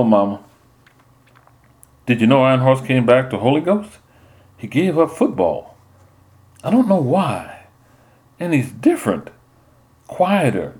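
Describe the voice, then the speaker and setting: A man's voice: medium pitch, dark tone, pitched above the performer's own voice. Earnest teen boy played by a man, worried, pleading, raised voice, storybook.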